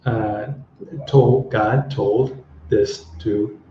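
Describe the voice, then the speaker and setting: A middle-aged man teaching English through a Bible story, pausing often to explain words and translate them. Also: fairly low pitch, fairly even intonation, slight background noise. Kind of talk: relaxed Bible-based language lesson. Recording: echoey room, slightly dull sound.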